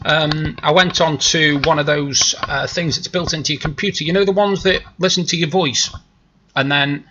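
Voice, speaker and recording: A man's voice: on the high side, steady tone, normal speed, lo-fi sound, noisy background. A man from Stoke-on-Trent with a broad Potteries accent, chatting casually and rambling to camera in a video diary. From Stoke-on-Trent, England. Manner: chatty, rambling, self-deprecating. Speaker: vlogger. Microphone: new desktop microphone.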